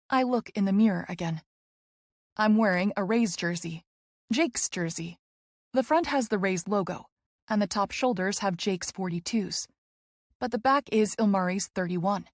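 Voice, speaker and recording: Female audiobook narrator, mid-pitch, emotional first-person read, dry close sound. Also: moderate pace, dry recording.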